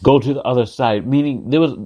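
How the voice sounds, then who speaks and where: A man's voice: medium pitch, brisk, highs cut off. Man preaching a story-driven sermon. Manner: lively storytelling, repeats phrases, asks the audience questions.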